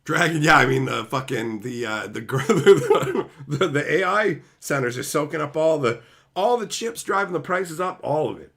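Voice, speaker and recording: A man's voice: on the high side, lively intonation, moderate pace, a bit bright. A man streaming live, ranting angrily and sarcastically with lots of swearing while answering his chat. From Canada. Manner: angry, profane, sarcastic ranting.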